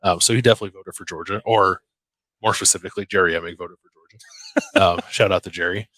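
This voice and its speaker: A man co-hosting a casual sports podcast, chatty and quick to laugh, with lots of fillers. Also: low voice, steady tone, bright, forceful tone, no echo. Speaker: podcast co-host.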